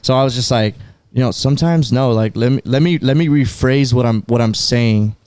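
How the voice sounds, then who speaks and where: A man's voice: medium pitch, a little fast, darkish tone, clean tone, dry recording. A man co-hosting a podcast, talking casually about faith and quoting scripture, often restarting his sentences. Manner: restarts often, quotes Bible verses. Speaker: podcast co-host.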